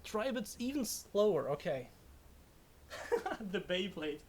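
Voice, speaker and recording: A woman speaks slowly in a medium-pitched voice that is a little mellow and slightly rough, with big swings in pitch. Chatting casually on a live game stream at home, she giggles frequently, stammers and restarts, and curses when startled.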